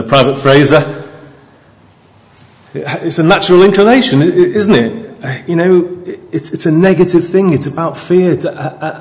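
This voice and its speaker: A man gives a relaxed, joking sermon to his church, often restarting and tossing questions to the congregation. His voice sits at an ordinary middle pitch. The sound rings on in a large reverberant hall. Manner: conversational and jokey, with restarts and asides to the congregation. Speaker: preacher.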